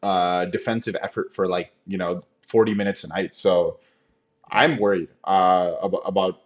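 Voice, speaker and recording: A man's voice: deep voice, normal speed. A man hosting a casual podcast, talking loosely and saying "like" and "uh" a lot. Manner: relaxed, filler-heavy, "like" and "uh" often. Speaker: podcast host. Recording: dull lo-fi recording.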